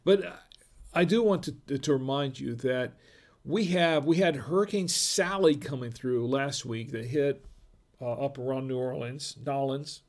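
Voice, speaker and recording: Rambling chatty middle-aged man, gravelly. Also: mid-range voice, measured pace, a little mellow. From North Carolina, USA. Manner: rambling, chatty, many fillers and restarts. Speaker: host. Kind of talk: casual livestream chat.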